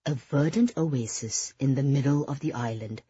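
A woman with a low, husky voice reads a novel in a measured, descriptive way. The sound is close and dry, with slightly dull audio. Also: warm tone, no room sound. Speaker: audiobook narrator. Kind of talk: scripted narration.

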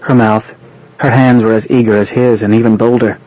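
A man reading a novel aloud in steady, scripted narration. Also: lowish voice, moderate pace, dry recording, highs cut off. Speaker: audiobook narrator.

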